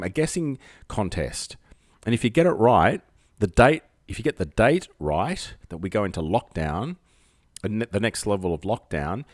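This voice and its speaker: A man's voice: on the low side, no room sound, clean studio sound. Rambling Australian man hosting live. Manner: rambling, joking, self-mocking. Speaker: host of a live call-in stream. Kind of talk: casual live-stream chat. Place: home set lit by spotlights.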